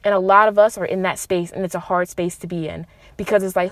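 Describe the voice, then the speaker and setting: A woman's voice: on the low side, fast talker, no room sound. Woman podcast host, young adult, blunt, swears freely, emphatic, dry close sound. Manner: blunt and profane, emphatic, animated rises on key points. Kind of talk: casual monologue giving relationship advice.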